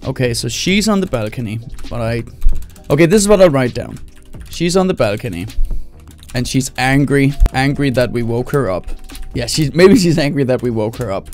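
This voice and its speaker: A man working out comedy bits aloud on a live stream, his voice sitting a little high for a man. He muses and restarts, then jumps into shrill screamed lines to test a joke, with faint music behind him. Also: expressive, a little slow, a little mellow. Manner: acts out bits in high screaming voices, laughs at own jokes. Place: home streaming setup.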